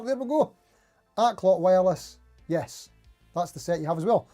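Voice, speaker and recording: Guy hosting a live stream, high voice, rambles, laughs at himself. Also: lively intonation, moderate pace, long pauses, warm tone, soft background music. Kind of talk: casual live stream chat.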